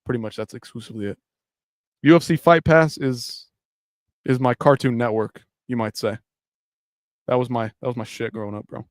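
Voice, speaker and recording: A man's voice: mid-range voice, fairly even intonation, moderate pace, pauses often, no room sound. Tired male streamer, loose and foul-mouthed, bone-dry mic. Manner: loose, profane, rambling with restarts. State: tired late at night. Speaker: livestream host. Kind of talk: casual live-stream chat.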